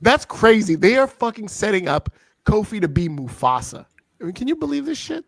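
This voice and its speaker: A man co-hosting a wrestling review show in casual, profane, excitable chat, laughing often. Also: high-pitched, brisk, gravelly, no echo. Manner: excitable, swearing, laughing, with frequent impersonations.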